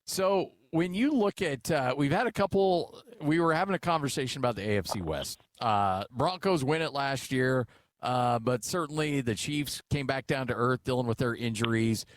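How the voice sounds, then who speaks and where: Animated middle-aged man, dry studio voice. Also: mid-range voice, normal speed, no room sound. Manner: animated storyteller, acts out quotes with filler uhs. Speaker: sports radio co-host. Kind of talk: casual sports radio chat. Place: radio studio. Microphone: studio microphone.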